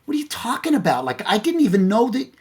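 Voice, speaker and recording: A man mimicking his wife, a breezy adult woman, in a high chirpy falsetto while retelling a story. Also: wildly swooping pitch, fast, full character voice. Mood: puzzled.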